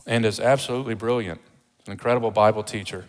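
A pastor preaching a sermon with emphasis, repeating rhetorical questions to the congregation. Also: male voice, on the low side, steady tone, fast talker, long reverb tail.

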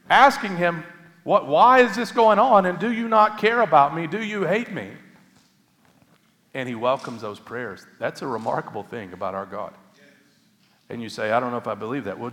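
A man's voice: a little high, a bit bright, in a large hall. A man preaching a sermon as pastor, earnest and conversational with light humor.

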